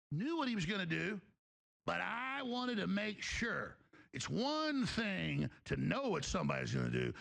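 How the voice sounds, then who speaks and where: Gravelly, animated male talk host. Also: sits high. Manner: emphatic, ranting, mimics others mockingly. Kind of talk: heated on-air monologue.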